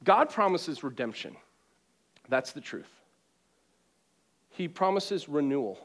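A man in the pulpit, his voice pitched high, preaching with call-and-response. He swings between ringing exhortation and quiet, hushed passages, and drops in joking asides to the room. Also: very animated, slow. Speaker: pastor. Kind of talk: sermon. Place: church auditorium with congregation.

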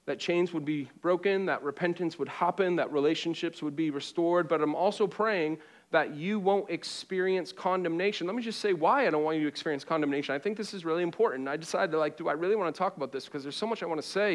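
Animated, high-voiced male pastor preaching. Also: quick pace. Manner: animated preaching with call-and-response, wide swings from loud to hushed; joking asides to the congregation. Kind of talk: sermon. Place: church auditorium with congregation.

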